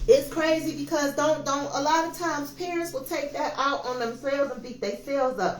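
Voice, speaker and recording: Woman in her fifties, tarot reader, preachy and emphatic, high voice, echoey room with soft music behind. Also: moderate pace, hardly any pauses, a little hiss or hum. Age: 50s. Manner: emphatic, preachy, addresses viewers as y'all. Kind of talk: casual tarot reading monologue.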